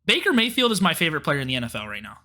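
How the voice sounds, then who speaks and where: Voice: mid-range voice, huge pitch swings, very fast, bright, forceful tone. A podcast co-host in casual sports chat, ranting animatedly about football with frequent swearing.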